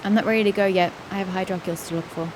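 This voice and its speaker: A woman's voice: medium pitch, fairly even intonation, racing, background noise. A young woman streaming a game, making sarcastic, grumbling asides as she plays. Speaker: gaming streamer. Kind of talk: let's play commentary.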